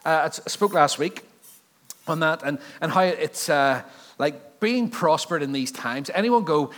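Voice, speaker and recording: A man's voice: a little high, expressive, a little slow, a bit bright. A man from Belfast with a Northern Irish accent, preaching a sermon as pastor in a chatty, joking way, full of rambling asides.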